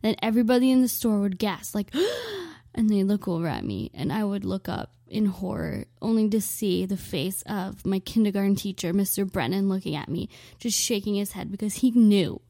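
A woman's voice: medium pitch, fairly quick, gravelly, mellow, no room sound, studio quality. A young woman telling a self-mocking comic story, rambling and dramatic, with lots of "like". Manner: dramatic, exaggerated delivery.

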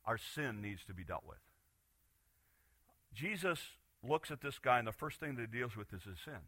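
A man preaching a Sunday morning sermon as pastor, retelling a Bible story with animated voices for the people in it. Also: mid-range voice, moderate pace, slightly rough, no room sound.

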